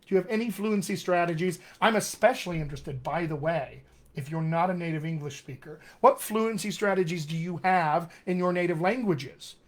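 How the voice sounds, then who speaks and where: A man's voice: high-pitched, moderate pace. A man coaching accents in a live online session, demonstrating sounds and reading viewer comments with eager energy. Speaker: dialect coach.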